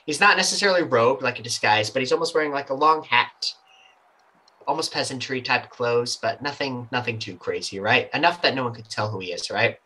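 A man running a tabletop role-playing game, narrating the scene in a loose, rambling style full of asides. His voice is bright and forward. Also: mid-range voice, a little fast, slight background noise, poor audio. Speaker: game master.

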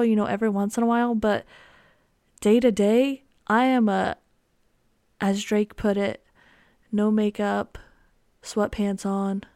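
A woman's voice: on the high side, warm tone, dry recording, clean studio sound. A young woman hosting her own podcast, telling a story in a rambling way with lots of ums and likes. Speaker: podcast host. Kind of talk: casual solo storytelling.

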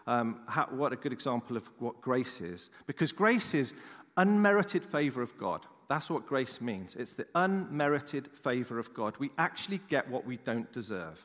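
A man preaching a sermon at an ordinary mid pitch, telling a personal story in a frank, chatty way. He drops quick asides to the congregation. His voice rings through a large hall with a long reverb. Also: a bit bright. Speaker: pastor.

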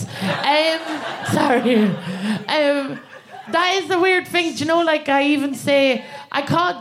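A woman with an Irish accent, a little higher-pitched than usual, tells self-mocking comic stories on a theatre stage. She rambles and doubles back as she talks. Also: expressive, a little slow. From Ireland. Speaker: guest co-host. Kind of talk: live comedy podcast chat. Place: theatre stage before a live audience.

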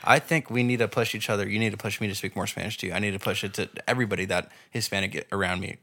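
A man's voice: on the low side, steady tone, rapid-fire, bright, forceful tone. A young man co-hosting a podcast in casual chat, laid-back, chiming in with short remarks. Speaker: podcast co-host.

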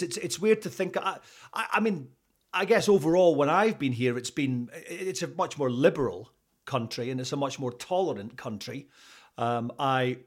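A man from Scotland with a Scottish accent, chatting as an interview guest, rambling with fillers and restarts and laughing often. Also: medium pitch. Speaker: interview guest, radio presenter. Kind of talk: casual interview chat.

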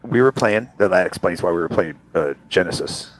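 A young man telling a long casual story over a call, acting out the quotes with sudden high voices. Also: normal speed, breathy edge, no room sound, poor audio. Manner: animated, acts out quotes with big jumps in pitch. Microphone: remote call audio.

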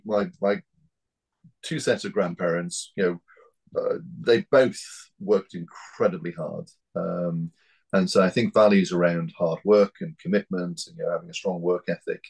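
A man in his fifties from North East England, speaking as an interview guest in a measured, hesitant way with many fillers and restarts. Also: deep voice, creaky, darkish tone, low-quality recording. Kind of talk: reflective interview talk.

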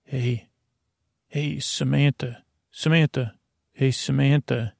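A man's voice: medium pitch, steady tone, takes it slowly, gravelly, darkish tone, dry recording, clean studio sound. A man voicing a drowsy, fussy socialite woman. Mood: drowsy fussing. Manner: sleepy, fussy, rambling.

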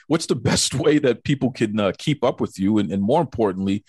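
Teasing, animated male podcast host. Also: fairly low pitch, a little fast, breathy edge, no echo, studio quality. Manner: jokey, teasing, playful banter. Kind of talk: casual interview chat. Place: home studio in Boston.

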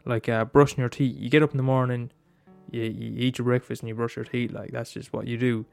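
A man's voice: mid-range voice, level tone, a little fast, gravelly, darkish tone, faint music behind. A man in a rambling casual monologue, swearing often and restarting his sentences.

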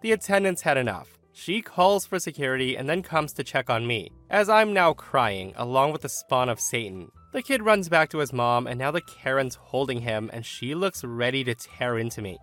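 Guy reading a reddit-style story out loud, lively ups and downs, soft music under it. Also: medium pitch, normal speed, hardly any pauses. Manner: expressive, animated reading. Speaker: story narrator. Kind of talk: reading a first-person online story aloud.

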